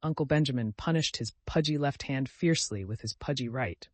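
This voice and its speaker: Male audiobook narrator, mid pitch, measured, dead-dry booth. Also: no room sound. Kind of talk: scripted narration.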